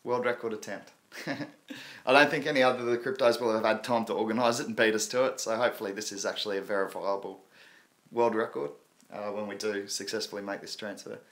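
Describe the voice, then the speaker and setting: Fairly low in pitch, steady in tone, brisk, and a bit bright, this voice belongs to an Australian crypto streamer in his thirties. He hosts a casual live stream, chatting loosely with viewers in a laid-back, slangy way and laughing frequently.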